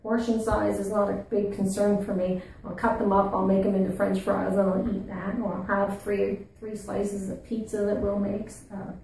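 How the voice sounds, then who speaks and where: A woman's voice: medium pitch, little pitch movement, moderate pace, gravelly, hardly any pauses, warm tone, heavy reverb, recorded from a distance, rough recording. Chatty woman with a Maritime Canadian accent. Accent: Canadian Maritime, Newfoundland and Nova Scotia. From Atlantic Canada. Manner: playful, teasing, chatty. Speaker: channel host. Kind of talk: casual chat to camera.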